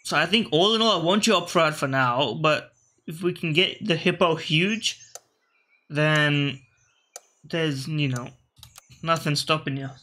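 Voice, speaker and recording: A man with a slightly high, bright and forceful voice thinks aloud through a video game match. He rambles casually, corrects himself mid-sentence and chats to his own game pieces as if they were teammates. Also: measured pace, long pauses. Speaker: gaming video host. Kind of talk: casual gameplay commentary.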